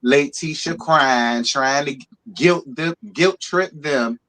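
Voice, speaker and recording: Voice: mid-range voice, slow pace, a bit bright. A co-host on a live reality TV review stream, blunt and sassy, throwing shade at the cast. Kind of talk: casual gossip chat on a livestream.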